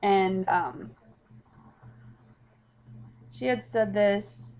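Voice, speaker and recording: A woman's voice: mid-range voice, drawn-out words, a little mellow, slight background noise. A young woman telling a personal story in a casual, rambling way, with many fillers and restarts.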